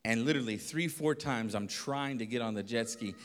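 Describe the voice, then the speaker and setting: A pastor telling a lively story in a sermon, acting out voices and laughing often. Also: male voice, medium pitch, fairly quick, very noisy. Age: adult. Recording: long reverb of a hall.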